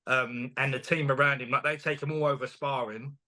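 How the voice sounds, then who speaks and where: A man, a boxing promoter chatting as a guest in an interview, animated and quick to laugh. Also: medium pitch. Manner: animated, enthusiastic, laughs often, retells dialogue. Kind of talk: casual interview chat.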